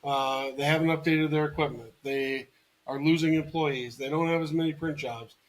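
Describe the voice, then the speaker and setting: A man co-hosts a casual podcast in a voice pitched a little above the usual. He tells his stories plainly and matter-of-factly, dropping in dry jokes. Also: steady tone, moderate pace, low-quality recording.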